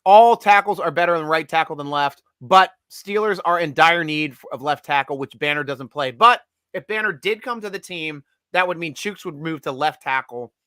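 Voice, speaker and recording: Excitable, bright-voiced male stream host. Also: fairly high pitch, normal speed, hardly any pauses, clean tone, no room sound, studio quality. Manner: excitable, rambling, frequent restarts. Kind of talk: excited casual fan commentary.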